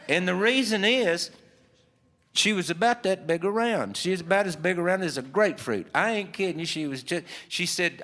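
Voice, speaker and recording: Folksy Appalachian storyteller in a hall. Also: male voice, sits high, moderate pace, sharp tone. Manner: folksy, rambling with fillers. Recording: long hall reverb.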